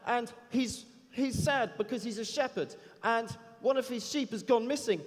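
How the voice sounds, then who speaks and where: A man relaying a ten-year-old boy's rambling description in a raised, excited voice. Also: very high voice, moderate pace, long reverb tail, pitched above the performer's own voice. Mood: eager. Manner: rambling, breathless, repeating himself.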